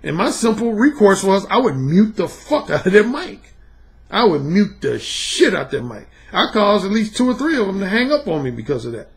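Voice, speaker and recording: A middle-aged man who works as a dating coach hosts his own podcast, delivering a blunt, emphatic, profane monologue in a casual style. His voice is high-pitched and sing-song with vocal fry, at a moderate pace.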